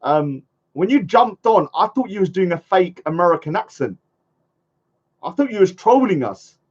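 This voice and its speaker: A man's voice: sits high, big pitch swings, normal speed, breathy edge. A man, vlogging casually to a live chat, rambling and mocking his critics. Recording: dull lo-fi sound.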